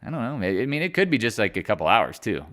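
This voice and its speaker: Man, fairly low voice, casual stock-market live stream host, joking, rambling. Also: sing-song, quick pace, fairly bright tone. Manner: joking, rambling, laughs at own jokes; sings and mimics other traders in silly voices.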